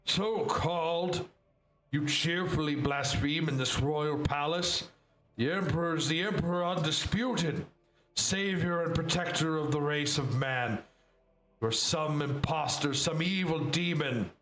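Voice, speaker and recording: Brief: a man doing a frail old male ruler, defiant and indignant, high-pitched, thick antique accent, roomy room echo. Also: a little slow, a bit bright.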